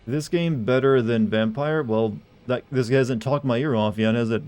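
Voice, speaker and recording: At a normal speed, this man rambles through a live video game stream, joking and swearing casually. His voice is mid-range and a little mellow, and faint game music can be heard.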